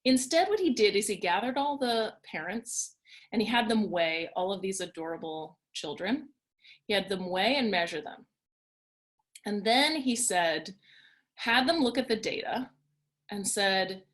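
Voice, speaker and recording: A woman's voice: mid-range voice, expressive, normal speed. A woman presenting an online workshop from her home, talking in an upbeat, conversational way and telling stories. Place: home in Washington, D.C.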